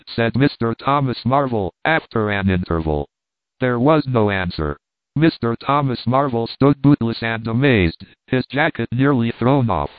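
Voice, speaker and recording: A man narrates a classic novel in a measured, plain reading voice of middling pitch. The recording is dead dry, with no room around it, and squeezed thin like a phone line. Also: expressive, no echo. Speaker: audiobook reader. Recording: tinny, dry phone-like sound.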